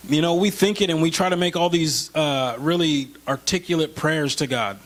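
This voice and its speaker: A male pastor preaching a conversational sermon in a church, slowing down for scripture and rising when he voices a plea. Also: a little high, a bit bright. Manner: conversational, slows for scripture, rises when pleading.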